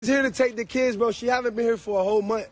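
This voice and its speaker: A man arguing heatedly and profanely with police outside his home, shouting and frustrated. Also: extremely high pitch, fairly even intonation, fast, no echo.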